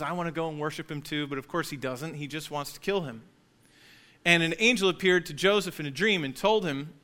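A man's voice: on the high side, bright, forceful tone. A man preaching a sermon in a conversational way, joking now and then with his congregation. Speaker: pastor.

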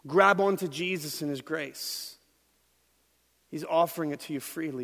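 High-voiced preacher in a reverberant hall. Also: male voice, normal speed. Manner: preaching with big swings from quiet to shouting. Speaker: pastor. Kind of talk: sermon. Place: church hall.

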